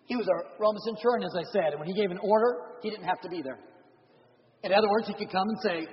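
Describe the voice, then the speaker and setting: A man preaching a revival sermon as pastor, animated, shifting between loud and hushed delivery. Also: high voice, fast talker. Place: church sanctuary. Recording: dull audio with long church reverb.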